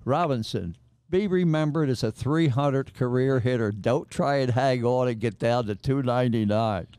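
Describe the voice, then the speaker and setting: Male podcast regular, mellow and resonant, plainspoken. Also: mid-range voice, normal speed, clean tone, no echo. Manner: plainspoken, blunt. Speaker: podcast regular, nicknamed coach. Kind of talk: casual sports rant.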